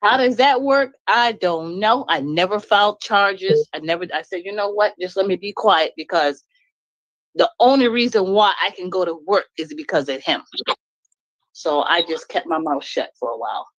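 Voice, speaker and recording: A woman's voice: fairly low pitch, animated, normal speed, dry recording, muffled recording. A woman venting bluntly and emphatically about a past marriage, laughing between points in a candid live chat. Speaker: guest speaker.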